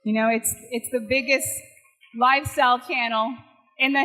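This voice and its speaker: A woman's voice: a little high, fairly even intonation, normal speed, sharp tone, rough recording. A woman from Puerto Rico, a chef and TV host, giving a heartfelt motivational speech that builds to rallying calls.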